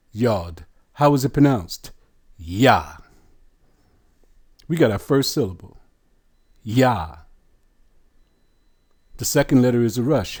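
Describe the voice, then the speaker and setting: A man teaching scripture line by line, deliberate and insistent, sounding out words syllable by syllable and asking rhetorical questions. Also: medium pitch, dark tone. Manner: earnest and insistent. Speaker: bible teacher.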